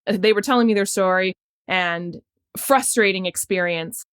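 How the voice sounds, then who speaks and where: Middle-aged woman doctor, relaxed podcast guest, thoughtful and lively when telling stories. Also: mid-range voice, moderate pace, clear, resonant tone. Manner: reflective, animated storytelling with laughs. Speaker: podcast guest, sports medicine physician. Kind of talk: casual conversation.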